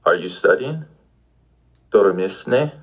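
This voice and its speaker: A man's voice: low-pitched, expressive, takes it slowly, husky, low-quality recording. A man giving an audio language lesson, patiently prompting the listener with questions. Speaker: language teacher.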